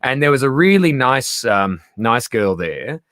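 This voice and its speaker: A man in casual interview chat, an animated storyteller who acts out the voices he quotes. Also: medium pitch, a little slow, no room sound, clean studio sound. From Australia. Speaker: comedian guest.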